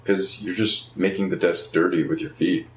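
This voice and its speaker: A man's voice: sits low, fairly even intonation, moderate pace. A man in casual conversation, blunt and laid-back, who swears casually. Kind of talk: casual chat. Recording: echoey room, far from mic.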